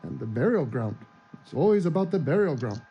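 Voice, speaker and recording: A man putting on a solemn, halting caricature. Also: medium pitch, sing-song, creaky, lo-fi sound, noisy background, pitched below the performer's own voice. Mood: mock solemn. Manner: slow, hesitant, with repeated halting phrases.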